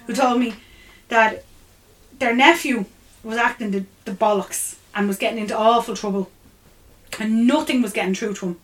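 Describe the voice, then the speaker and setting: An Irish woman co-hosting a podcast, chatting casually and teasing her brother with quick banter. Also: on the high side, a bit bright. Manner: teasing, quick-witted banter with frequent laughs. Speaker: podcast co-host. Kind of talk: casual chat.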